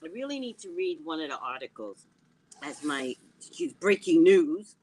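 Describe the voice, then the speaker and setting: Her voice is deep and her speed normal as this psychic host livestreams from home, cracking jokes and responding to her chat with animation. No external mic is used, and the recording is low quality.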